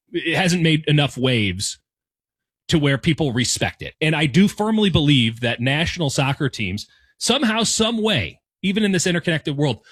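Man, 30s, American accent, fairly high voice, dry close sound, candid wry monologue. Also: a bit bright, husky, no echo. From United States. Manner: candid, wry and self-deprecating, with frequent restarts. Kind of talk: casual opinion monologue. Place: home room decorated with soccer scarves and flags.

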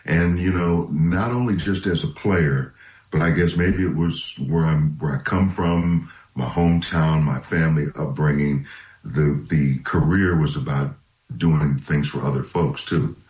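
An older man speaks as a radio guest in an extremely low, resonant voice. He talks in a measured, reflective way, often restarting his sentences. The room around him adds a clear echo. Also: steady tone, darkish tone. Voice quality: deep, resonant voice. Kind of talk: radio interview.

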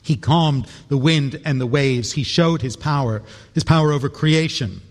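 Earnest preacher in a reverberant hall. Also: male voice, on the high side, normal speed. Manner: earnest, with stumbling repeated words. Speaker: pastor. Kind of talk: sermon. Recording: long reverb of a large hall.

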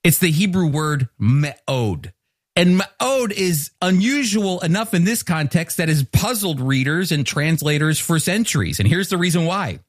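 A man's voice: on the high side, very animated, unhurried, no room sound, clean studio sound. A man giving a sermon-style Bible teaching, earnest and explanatory, often restarting words mid-thought.

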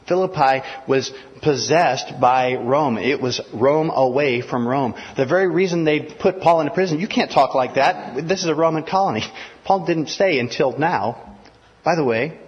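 A man preaching a sermon, walking through the passage verse by verse and slipping into the voices of the people in the story. His voice is slightly husky and carries a long reverb through a large hall. The recording sounds a bit dull. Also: a little high. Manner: expository preaching, acting out biblical dialogue. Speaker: pastor.

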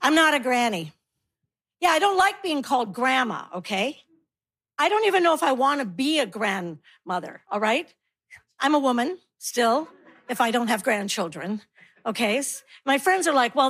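High-voiced wry woman doing stand-up. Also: sing-song, moderate pace, fairly bright tone. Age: middle-aged. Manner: wry, acts out mocking voices of others. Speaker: stand-up comedian. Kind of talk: stand-up comedy.

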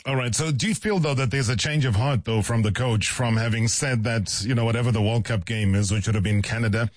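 A man's voice: medium pitch, dry recording. Brief: male radio sports host, conversational, dry studio mic. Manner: brisk, conversational, some fillers. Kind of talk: radio sports talk interview.

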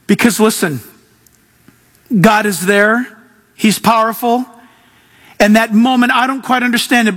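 A man, a pastor, preaching an animated sermon and sometimes acting out voices. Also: high voice.

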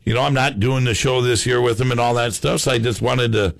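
Chatty sports radio co-host, dry studio sound. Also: male voice, mid-range voice, fairly even intonation, fairly quick, creaky, no room sound. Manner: chatty, reads listener messages aloud. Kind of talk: casual sports radio chat.

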